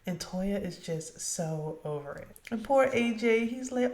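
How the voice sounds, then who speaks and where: A woman's voice: mid-range voice, slow, creaky, hardly any pauses, darkish tone. Chatty woman narrating a life-sim game. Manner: chatty, addresses viewers directly. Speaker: let's play narrator. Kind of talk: casual game commentary. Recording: echoey room.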